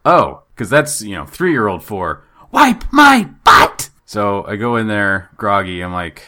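A man's voice: fairly low pitch, lively intonation, measured pace, bright, forceful tone. A man in his thirties, co-hosting a casual chat and telling wry, joking stories. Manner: joking, wry storyteller who acts out quotes. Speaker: podcast co-host.

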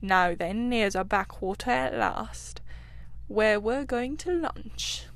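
A woman's voice: medium pitch, takes it slowly, no echo. A woman voicing a self-assured male water rat who loves his river, talking in a confident, chatty and somewhat guarded way. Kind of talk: storybook reading.

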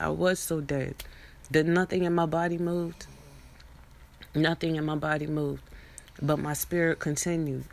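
A young woman in a rambling, profane monologue, preaching at her viewers with many restarts and asides. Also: low-pitched. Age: young adult.

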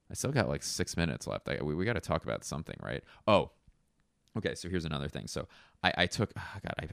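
A stand-up comedian from Philadelphia telling a rambling, casual anecdote full of fillers and self-corrections. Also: male voice, rumbling low, gravelly, fairly bright tone, dry recording, clean studio sound.

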